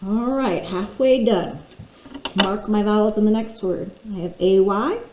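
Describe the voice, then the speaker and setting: A woman teaching a phonics lesson, slowly and deliberately sounding out letters and syllables. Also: mid-range voice, background noise. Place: room at a desk. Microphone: camera pointed at desk. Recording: echoey room.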